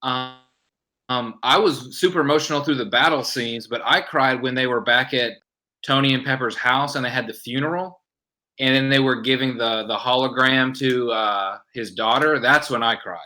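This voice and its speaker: Male co-host, bright forceful tone, agreeable chimes in casual chat. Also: mid-range voice, normal speed, poor audio.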